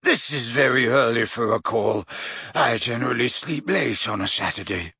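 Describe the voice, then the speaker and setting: A man's voice: on the high side, very animated, a little slow, sharp tone, slightly rough, dry recording, clean studio sound, heavily acted. A man narrating a story and voicing a sleepy, pompous older male professor who mumbles. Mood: drowsy. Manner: mumbling, drowsy.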